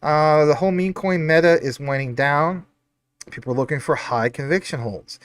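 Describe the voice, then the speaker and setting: A man's voice: a little high, no echo. A man hosting a casual livestream, reading out chat comments in an upbeat, chatty, jokey way. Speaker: livestream host.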